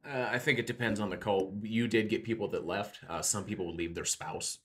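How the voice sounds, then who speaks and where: A man co-hosting a casual true crime podcast, reading his notes quickly and stumbling over lines. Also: lowish voice. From United States. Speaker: podcast co-host.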